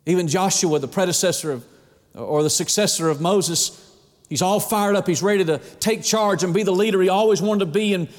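A middle-aged man preaching a sermon in an animated way, acting out the voices of God and of people. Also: sits high, a little fast, in a large hall.

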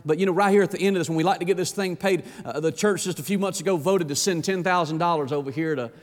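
A pastor preaching a folksy sermon that rises to shouting on its key points. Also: male voice, on the high side, quick pace. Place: church sanctuary. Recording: long church reverb.

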